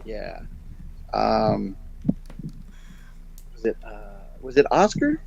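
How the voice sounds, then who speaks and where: A man's voice: on the low side, extremely slow, vocal fry, husky. A middle-aged man telling a long story in a casual, rambling way and acting out the other people's lines. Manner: rambling, animated, acts out the voices in his story. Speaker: guest storyteller. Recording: dull lo-fi sound.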